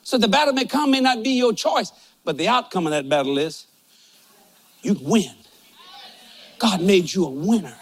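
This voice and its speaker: Joking older preacher with a high voice. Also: male voice, lively intonation, normal speed, long pauses, husky. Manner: folksy, joking, storytelling. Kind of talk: humorous sermon.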